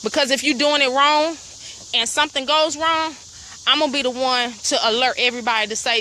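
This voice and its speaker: Her high, sharp voice moving a little fast, a woman vlogs on her phone while walking rural land with crickets around her. She's winded, upset and indignant, questioning viewers pointedly, and a slight hiss or hum runs underneath.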